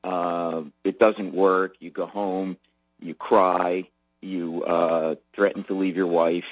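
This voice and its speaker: A man's voice: deep voice, level tone, slow, rough recording. A male comedian telling rambling jokey stories as a radio guest, full of fillers.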